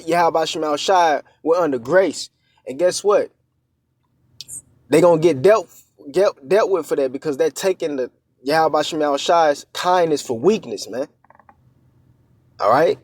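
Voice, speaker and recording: His pitch is fairly high and his tone darkish as he preaches in an informal scripture lesson, chatty and halting, full of fillers and restarts and frequent "all right?" and "man." Verses are read slow and deliberate; the sound has no echo.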